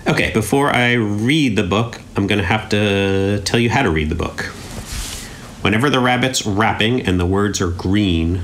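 A man's voice: on the low side, normal speed, fairly bright tone, a little hiss or hum. A man hosting a children's storytime, reading his own book aloud in a playful, self-deprecating way. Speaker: children's author and host.

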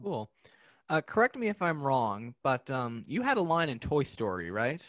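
A man's voice: medium pitch, sing-song, normal speed, a bit bright, no room sound. A male podcast host chatting casually and retelling a cartoon with enthusiasm. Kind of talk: casual interview chat.

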